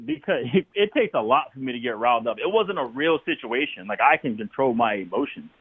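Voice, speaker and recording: A man, a former football player, talking as a guest in a casual interview, telling animated stories and laughing often. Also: mid-range voice, fairly quick, husky, phone-quality sound.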